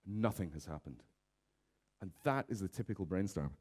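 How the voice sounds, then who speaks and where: Lively man giving a comic keynote. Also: deep voice, normal speed. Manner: lively, mimics office characters in raised voices. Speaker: conference speaker. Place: conference stage.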